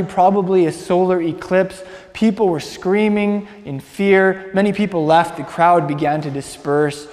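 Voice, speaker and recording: A man's voice: a little high, a little mellow. A man preaching, retelling a story earnestly with many restarts and repeated words. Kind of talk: sermon storytelling. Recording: long hall reverb.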